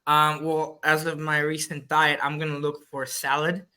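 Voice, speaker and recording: A man's voice: a little high, completely flat delivery, normal speed, sharp tone, smooth. A man from the Cayman Islands, a flag football referee and podcast guest, chatting casually in a rambling storytelling way and acting out his own quoted lines.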